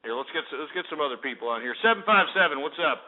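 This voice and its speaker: Male call-in radio host, abrasive, ranting, high voice, lively pitch, tinny phone-like sound. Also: racing. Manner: abrasive, ranting, insults callers.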